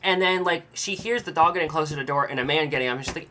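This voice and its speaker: A man's voice: on the high side, very fast, sharp tone, slight background noise. A man telling a story casually in a vlog, rambling with self-deprecating asides. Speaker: vlogger.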